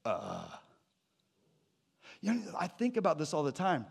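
A man preaching a sermon to his church, animated and jokey, with sudden loud bursts. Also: fairly high pitch, measured pace, gravelly, husky. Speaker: pastor.

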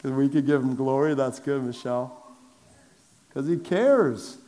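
A man preaching to a large church congregation, conversational and lively, asking them direct questions and raising his voice for emphasis. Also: mid-range voice, a little slow. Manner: lively and conversational, swings from quiet asides to loud emphatic calls. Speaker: pastor. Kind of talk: sermon. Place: large church sanctuary with a downstairs.

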